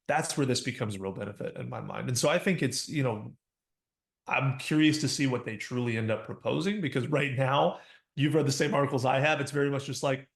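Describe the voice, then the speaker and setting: Confident male co-host, mid-pitched, explanatory, echoey room sound. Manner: confident, explanatory, acts out quoted voices. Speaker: co-founder and podcast guest. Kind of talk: casual podcast discussion. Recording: roomy echo.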